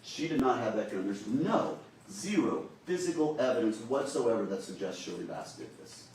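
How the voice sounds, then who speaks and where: A man delivers a prosecutor's closing argument, urging the jury and driving his points home through repetition. His voice sits at an ordinary pitch for a man. It is heard from some distance in a very echoey courtroom with faint background noise. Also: animated, normal speed, darkish tone. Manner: urges and repeats to the jury.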